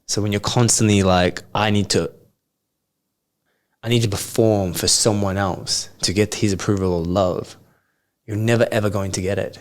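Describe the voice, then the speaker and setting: In a reflective coaching conversation, a man with a fairly low voice poses probing questions, then calmly explains his points at a normal speed. He's a coach appearing as a podcast guest.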